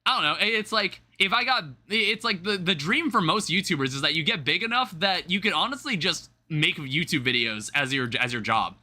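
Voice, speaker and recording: Young guy streaming from home, rambly and chatty, swears a bit, voice high and bouncy. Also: animated, a little fast, few pauses, sharp tone. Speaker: livestreamer. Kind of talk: casual live-stream chat.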